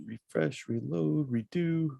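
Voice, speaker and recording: A man with a Southern accent hosting a live trading webinar, talking in a relaxed, chatty way with plenty of fillers. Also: a little high, slow, gravelly, no echo. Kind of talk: casual live webinar presentation.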